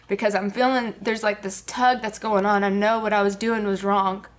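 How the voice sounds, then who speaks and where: A woman's voice: mid-range voice, level tone, normal speed. A woman, a guest giving an earnest personal testimony with many fillers. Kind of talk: personal testimony on a talk show.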